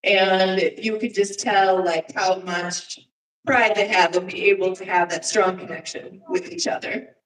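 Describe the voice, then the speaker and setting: A woman presents slides at a church service, her mid-pitched voice heard from some distance. She speaks informally and haltingly, with frequent fillers, and the big room around her gives the sound a reverberant echo. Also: fairly even intonation. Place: church sanctuary.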